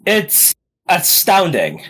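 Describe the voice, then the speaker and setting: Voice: medium pitch, wildly swooping pitch, very slow, a bit bright, breathy edge. A podcast co-host in casual chat, making incredulous, emphatic complaints. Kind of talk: casual chat about anime.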